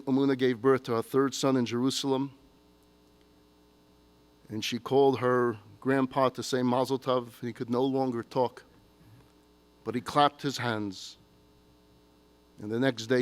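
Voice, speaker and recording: A man, a rabbi, telling a story in a sermon with an expressive, emotive delivery. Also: medium pitch.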